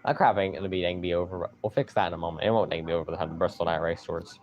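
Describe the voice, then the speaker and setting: A young man streaming live, rambling excitedly and with mild swearing as he reacts to a football game. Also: deep voice, rapid-fire, highs cut off, background noise.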